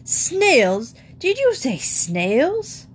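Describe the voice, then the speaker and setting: A woman's voice: mid-range voice, very animated, a little slow. A woman reading aloud and voicing a fussy middle-aged father who talks in bluff exclamations. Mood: alarmed.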